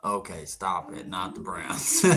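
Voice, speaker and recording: Here is a young man running a casual outdoors livestream and bantering with his viewers. His voice sits fairly low, and he swears freely, teasing people between bursts of laughter. There is a faint hiss behind him. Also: big pitch swings, takes it slowly, a bit bright. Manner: brash, teasing and profane, with frequent laughter. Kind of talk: casual livestream chat, answering viewer comments.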